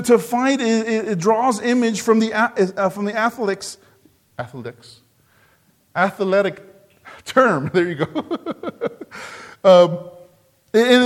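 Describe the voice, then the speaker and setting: A man with a rather high voice delivers a sermon. He speaks earnestly, repeating his phrases for emphasis. He sinks low and soft on the words that matter most. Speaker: preacher.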